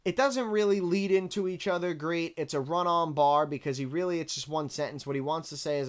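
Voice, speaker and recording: A man casually breaking down rap lyrics bar by bar, candid and relaxed as he counts the rhymes. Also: on the high side, fairly quick, few pauses, clean tone. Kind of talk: casual analytical commentary.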